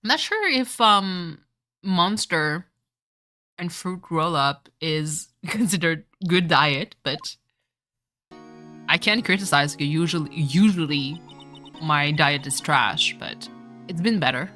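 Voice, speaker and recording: Woman, low pitch, sharp tone, joking, swearing, stream chat. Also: expressive, slow, faint music behind. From Canada. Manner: joking, swearing, bursts of loud laughter. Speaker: streamer playing a game. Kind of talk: casual live-stream chat.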